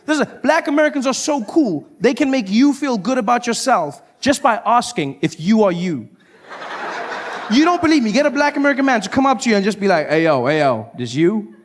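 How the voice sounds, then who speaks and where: Animated South African man doing stand-up. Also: extremely high pitch, a little fast, a little hiss or hum. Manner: animated, shouting bits and acting out voices. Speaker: stand-up comedian. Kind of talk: stand-up comedy. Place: live comedy venue with audience.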